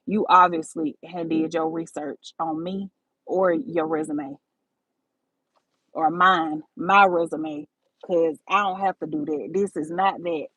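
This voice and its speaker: A woman's voice: low-pitched, fairly even intonation, slow pace, fairly bright tone, breathy edge, dry recording, low-quality recording. A woman, talking straight to her viewers in a casual livestream, calling them baby and y'all. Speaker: livestream host.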